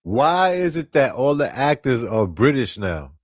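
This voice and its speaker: A man's voice: mid-range voice, very animated, measured pace, no echo, clean studio sound. A man hosting a show, casually chatting and reacting to comedy clips in a laid-back way. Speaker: host.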